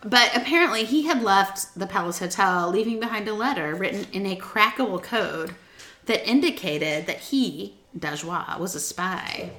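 A woman's voice: medium pitch, animated, moderate pace, fairly bright tone. A young woman hosting a podcast, telling a true crime story in a playful, teasing way and quizzing her co-host. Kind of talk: casual storytelling chat. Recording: echoey room with faint noise.

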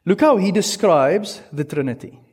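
A man preaching a sermon to a congregation, animated, stretching key words slowly and putting playful questions to his listeners. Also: high voice, slightly rough. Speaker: pastor.

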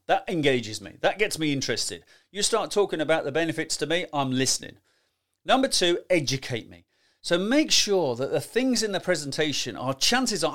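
A middle-aged man gives lively, emphatic podcast advice on presenting, often tagging his points with rhetorical questions. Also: on the high side. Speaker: presentation skills coach. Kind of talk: solo podcast advice talk.

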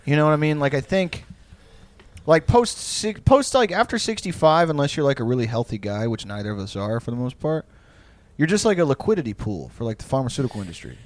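A young podcast co-host rambles through profane stories in casual chat, laughing often. His medium-pitched voice is sing-song and brisk, and there's no room sound.

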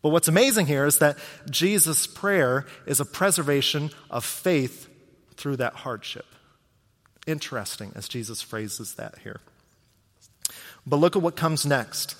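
A man's voice: on the high side, lively intonation, normal speed, fairly bright tone, big-room sound. A man preaching a sermon as pastor, talking in a conversational way and often asking his listeners rhetorical questions.

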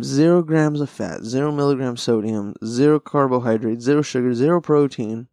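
A man hosts a casual solo podcast close to the mic, his medium-pitched voice darkish with no room sound. His laid-back, stoner-style talk rambles and is full of swearing.

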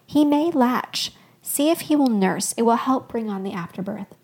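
A woman voicing a calm, capable midwife in a read-aloud story, speaking slowly and reassuringly. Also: on the high side, creaky, husky, full character voice.

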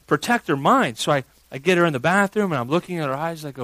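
Animated pastor preaching, dry sound. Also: male voice, a little high, brisk, dry recording, rough recording. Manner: animated storytelling, swings from hushed to loud. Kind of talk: sermon.

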